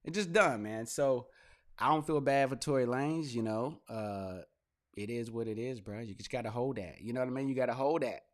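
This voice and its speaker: A young man hosting his own podcast, talking casually and with energy, swinging into loud, laughing mock rants. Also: mid-range voice, a little fast. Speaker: podcast host. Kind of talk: casual commentary monologue.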